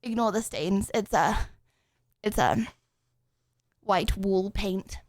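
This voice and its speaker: A woman's voice: mid-range voice, slow, no room sound, clean studio sound. A young woman streaming live, chatting casually and giggling with her chat, a little out of breath.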